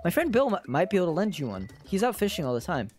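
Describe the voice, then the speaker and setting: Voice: medium pitch, sing-song, quick pace, a little mellow, natural voice. A streamer reading aloud the lines of a laid-back animal sailor on a break, in an easygoing, folksy way. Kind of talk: reading game dialogue aloud.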